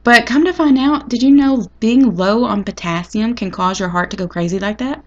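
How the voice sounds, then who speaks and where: A woman's voice: on the high side, normal speed, muffled recording. A woman telling a personal story in a chatty, dramatic, folksy way. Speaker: vlogger. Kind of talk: casual storytelling to camera.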